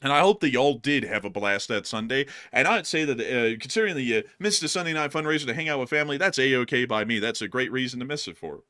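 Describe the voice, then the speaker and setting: A man's voice: mid-range voice, animated, quick pace, hardly any pauses, pushed and bright. A man co-hosting a casual livestream, jokey and laughing often, thanking viewers. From Utah, United States. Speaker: livestream co-host.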